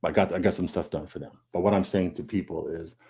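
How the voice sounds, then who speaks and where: A man's voice: sits low, fairly even intonation, quick pace, warm tone. A man, a comic book artist, speaking in a casual, candid panel talk over a video call. He is earnest, restarts often, repeats words and acts out his own thoughts. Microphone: video call mic.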